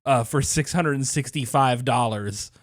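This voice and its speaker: A man's voice: medium pitch, unhurried, no echo, studio quality. A man co-hosting a casual gaming podcast, swearing and laughing with friends. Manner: animated, swearing, laughing often. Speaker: podcast co-host. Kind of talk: casual chat among friends.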